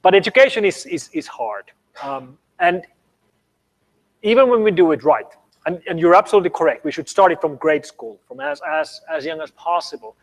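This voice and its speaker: Finnish man, high voice, sarcastic panelist, hall reverb. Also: very animated, moderate pace, gravelly. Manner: sarcastic, emphatic, repeats points. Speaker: panelist answering audience questions. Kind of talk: university public lecture Q&A. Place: lecture hall. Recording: long reverb of a lecture hall.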